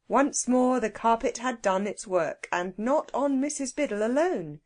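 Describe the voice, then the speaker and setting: A woman narrating a children's audiobook with an expressive, animated reading. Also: fairly high pitch, measured pace, hardly any pauses.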